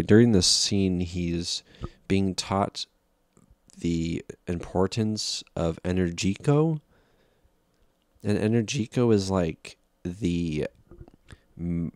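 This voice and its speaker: A man's voice: low-pitched, dry recording. A man giving a casual, rambling film review, exasperated and profane, with frequent restarts.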